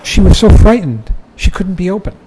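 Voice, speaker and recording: A man's voice: high voice, expressive, normal speed, heavy background noise. An older man giving a dharma talk, reading from a book and commenting in a conversational way, often chuckling and saying "you know".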